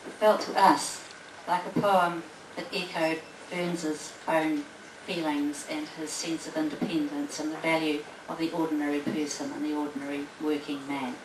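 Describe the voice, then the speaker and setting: A woman, acting as competition judge, announces the winning poems. She speaks deliberately, with pauses and fillers. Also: low-pitched, flat delivery. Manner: deliberate, pausing, with many fillers. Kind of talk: prize announcement at a public event. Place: library hall at a public event. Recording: echoey hall, distant mic, audible noise.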